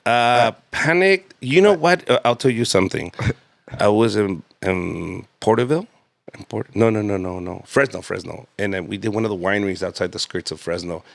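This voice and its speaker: A comedian guest in his late thirties tells casual, profane stories and laughs often. His voice is fairly low and gravelly, at normal speed, with no echo.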